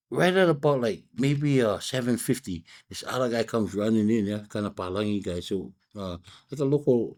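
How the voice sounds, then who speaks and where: A man with a Hawaiian pidgin accent, talking in a loose, rambling way with plenty of fillers and false starts. His voice sits a little low and sounds dark and mellow. It is easygoing cigar-review chat that keeps wandering into stories. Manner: rambling, laid-back storytelling with many fillers and restarts. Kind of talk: casual chat.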